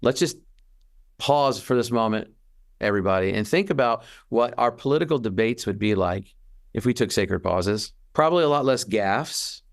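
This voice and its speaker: Gravelly man musing earnestly on a podcast. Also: lowish voice, normal speed. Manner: earnest, animated, with restarts and acted-out quotes. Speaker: podcast co-host. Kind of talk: casual reflective conversation.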